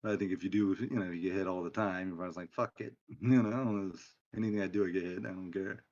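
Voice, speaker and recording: A man hosting a live day-trading stream, chatting casually with friends, relaxed, laughing often and swearing freely. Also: low voice, quick pace, lo-fi sound. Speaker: livestream day-trading host.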